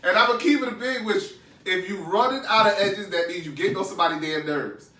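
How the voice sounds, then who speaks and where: A man's voice: high-pitched, fast talker, pushed and bright. A man co-hosting a casual talk show, chiming in and echoing the host. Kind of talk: casual panel chat. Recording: roomy, distant mic, faint noise.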